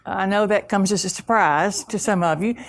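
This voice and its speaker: A woman with a deep Southern US accent, giving a humorous, folksy keynote talk full of self-deprecating stories and drawn-out vowels. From Southern US (Alabama, Mississippi). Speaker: keynote speaker.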